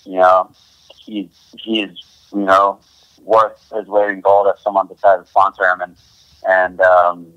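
A man's voice: deep voice, little pitch movement, a little slow, no room sound, muffled recording. A man talking as a podcast guest in a loose, rambling way, full of restarts and "you know". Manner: rambling, heavy on fillers and restarts. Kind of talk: casual interview chat.

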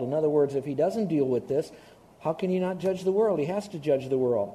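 A man preaching a radio sermon as a Bible teacher, animated, acting out voices to make his points. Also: fairly high pitch, brisk.

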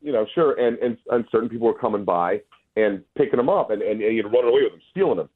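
A man appearing as a guest on a talk show, speaking haltingly with many fillers and restarts. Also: fairly low pitch, expressive. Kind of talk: casual chat. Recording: tinny phone line.

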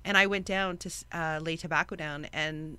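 A woman's voice: low voice, fairly even intonation, moderate pace, bright, forceful tone, clear, resonant tone. A woman talking as a guest in a podcast discussion, thoughtful, with many fillers and "right?" tags. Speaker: guest, university academic.

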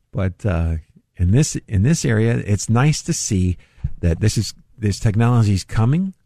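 A man's voice: on the low side, a little mellow, dry recording, clean studio sound. An older man from Northeast Ohio hosting a radio talk show, rambling casually and chuckling at his own jokes. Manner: rambling, chuckling, self-deprecating. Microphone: studio microphone.

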